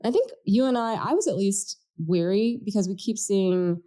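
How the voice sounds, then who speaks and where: A woman's voice: medium pitch, normal speed, warm tone. A woman co-hosting a political podcast, talking in an earnest, reflective way and thinking aloud as she goes. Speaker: podcast co-host. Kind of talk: casual political chat.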